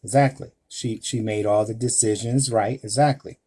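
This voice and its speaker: A man's voice: on the low side, fairly even intonation, moderate pace, mellow. A man hosting a live-stream advice talk, speaking emphatically to women listeners and asking rhetorical questions. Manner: addresses women listeners directly. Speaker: relationship advice host.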